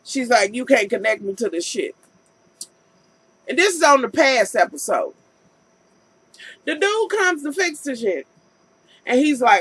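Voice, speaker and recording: A woman's voice: high-pitched, very animated, unhurried, long pauses, fairly bright tone, breathy edge, no room sound, low-quality recording. A woman vlogger recapping a TV episode in a casual, profane rant, acting out scenes with incredulous commentary.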